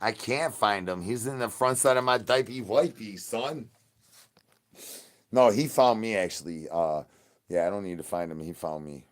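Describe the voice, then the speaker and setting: A man hosts a comic livestream in character as a zombie. He bounces through sing-song rhyming nonsense words and crude, boastful chatter. He keeps begging loudly for brains. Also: on the low side, normal speed. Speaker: livestream host in a zombie persona.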